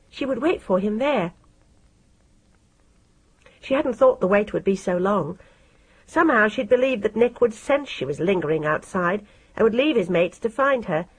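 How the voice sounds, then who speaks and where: A woman narrating a novel for an audiobook at a steady, measured pace. Her voice is husky and breathy, sitting in a middle pitch for a woman. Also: rough recording. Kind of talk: scripted narration.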